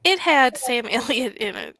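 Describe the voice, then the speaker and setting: A woman's voice: on the high side, huge pitch swings, normal speed, sharp tone, no room sound. A woman hosting a casual live-streamed chat in an easygoing way. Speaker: host.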